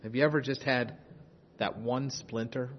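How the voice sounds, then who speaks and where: A man preaching a sermon as pastor, swinging between loud urgency and hushed, intense passages. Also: mid-range voice, steady tone, moderate pace, long reverb tail, muffled recording, slight background noise.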